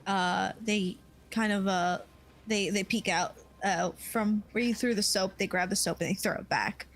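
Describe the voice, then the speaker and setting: A woman's voice: mid-range voice, steady tone, normal speed. A woman narrating as game master of a tabletop game, hesitant with many fillers.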